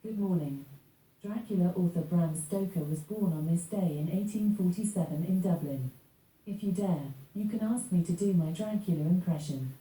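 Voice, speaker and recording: A very mellow female voice assistant replies politely and evenly, giving facts in a measured way. Her voice sits a little low, and she is heard from across a room with a clear echo. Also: distant mic. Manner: even, polite, informative. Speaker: smart speaker assistant.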